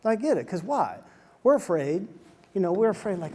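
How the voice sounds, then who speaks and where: A man giving a motivational talk to soldiers, telling stories in an animated way and dropping to a soft hush at emotional moments. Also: high-pitched, normal speed. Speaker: speaker addressing soldiers. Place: large hall on a military base. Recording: long reverb of a large hall.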